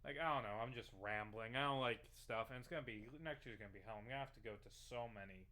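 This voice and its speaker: A man's voice: fairly low pitch, quick pace, pushed and bright. A man ranting casually and sarcastically, swearing often, while talking over a video game he plays. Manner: profane, sarcastic, rambling. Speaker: vlogger and local reporter.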